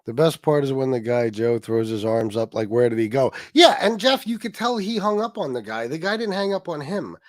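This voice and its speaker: A livestream host rants in blunt, profane commentary, rambling through fillers. His voice is a little higher than most men's. The sound is close and dry, with no room around it. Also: sing-song, a little fast, hardly any pauses, no echo. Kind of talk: ranting commentary.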